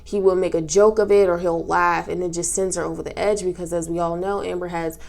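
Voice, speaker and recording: A woman with a somewhat low voice talks casually through a reality show recap. She is tearful and sniffling, stopping and restarting with plenty of fillers as she goes. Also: steady tone, a little fast, vocal fry, darkish tone. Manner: emotional, talks through tears, many fillers. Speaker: recap vlogger.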